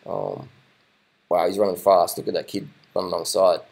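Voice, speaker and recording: A man giving casual live reaction commentary, excitable and repetitive, swearing now and then. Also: low voice, normal speed, gravelly, low-quality recording. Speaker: video commentator.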